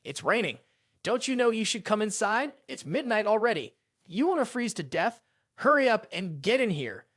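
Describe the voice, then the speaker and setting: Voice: medium pitch, very animated, moderate pace, a bit bright, dry recording, studio quality. A narrator voicing a stern young female police captain who speaks in a brusque, scolding way.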